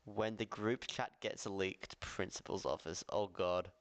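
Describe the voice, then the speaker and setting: A man's voice: low voice, fairly even intonation, unhurried. An Australian man chatting casually as a streamer reacting to videos, laughing easily and making puzzled asides.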